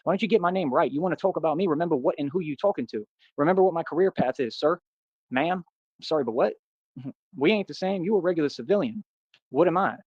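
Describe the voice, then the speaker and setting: A man's voice: on the high side, fast talker, darkish tone, breathy edge, no echo, dull audio. A man livestreaming and answering his chat in a boastful, combative rant. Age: adult. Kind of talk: ranting live stream.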